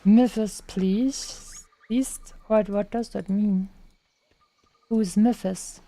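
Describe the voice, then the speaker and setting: Slow, mellow-voiced woman streamer. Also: medium pitch, steady tone. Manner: playful, chatty, makes silly sound effects. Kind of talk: casual gaming chat.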